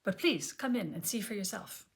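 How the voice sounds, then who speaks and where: A woman's voice: mid-range voice, expressive, moderate pace, husky. A woman voicing a cheerful, enthusiastic woman co-pilot in an audiobook reading.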